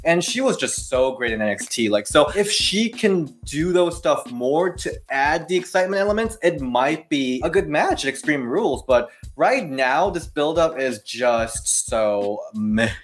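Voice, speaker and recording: A man co-hosting a casual wrestling review chat, animated and quick to laugh, using "like" fillers. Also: a little high. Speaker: podcast co-host.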